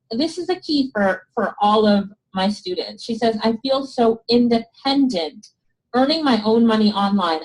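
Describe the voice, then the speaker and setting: Chatty higher-voiced woman teaching an online class, laughing a lot, voice going hoarse. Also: rough recording. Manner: excited, chatty, laughs often. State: losing her voice. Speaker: online business instructor. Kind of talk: live webinar teaching.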